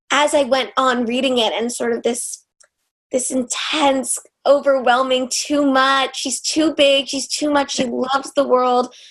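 A young woman from Los Angeles, in her twenties, recounts her career in a chatty, earnest interview. Her voice sits a little high, and she gushes, often stopping to restart a thought. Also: rough recording. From Los Angeles, USA. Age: 20s. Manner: earnest, effusive, with frequent restarts. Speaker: actress, interview guest. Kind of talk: conversational interview storytelling.

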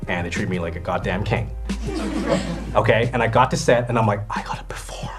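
A young adult man from Canada, an actor telling animated stories about his work and acting out the people in them. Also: lowish voice, fairly quick, music in the background. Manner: lively storyteller who acts out quoted voices and laughs often. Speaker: actor guest.

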